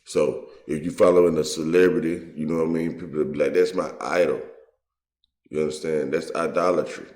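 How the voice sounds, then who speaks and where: A man's voice: rumbling low, fairly even intonation, a little fast, a little mellow, reverberant. A man hosting his own video, giving a heated, profane commentary full of street slang. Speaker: online video host.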